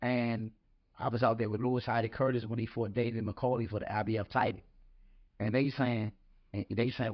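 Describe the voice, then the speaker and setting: A man's voice: mid-range voice, level tone, normal speed. A man and former boxer, a podcast guest, telling stories in casual talk. He rambles and repeats words as he starts his thoughts. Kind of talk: casual storytelling. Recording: slightly dull lo-fi podcast audio.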